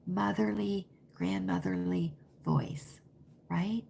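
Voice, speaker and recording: Slow-talking, emphatic woman livestream host. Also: mid-range voice, gravelly, darkish tone, a little hiss or hum. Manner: emphatic, repetitive, opinionated. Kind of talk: casual livestream chat, reading viewer comments.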